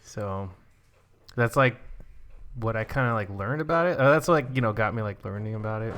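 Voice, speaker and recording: A man's voice: lowish voice, moderate pace, fairly bright tone. A young man co-hosting a podcast, rambling through stories with lots of filler words. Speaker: podcast co-host. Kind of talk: casual chat.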